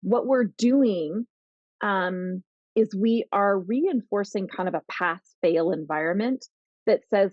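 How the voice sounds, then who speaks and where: Lady coaching parents on a podcast, earnest, animated, kinda dull dry sound. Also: medium pitch, takes it slowly, no room sound. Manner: earnest, animated, acts out teen and parent voices. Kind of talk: podcast conversation, advice.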